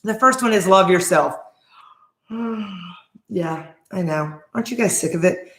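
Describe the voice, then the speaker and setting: A woman in her forties, a life coach, speaks to camera in an emphatic motivational talk packed with rhetorical questions. Her voice is fairly low and fairly bright, at a normal speed. The recording has a roomy echo.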